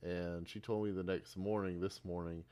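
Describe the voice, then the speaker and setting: A man's voice: deep voice, flat delivery, normal speed, a little mellow, clean tone. A man co-hosting a podcast, talking casually and a little hesitantly about a film. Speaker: podcast co-host.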